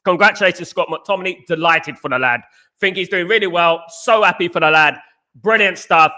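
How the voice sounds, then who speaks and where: A young Englishman hosts a live football chat stream, speaking a little fast in a high, pushed, bright voice. He talks animatedly, repeats phrases, and greets his viewers.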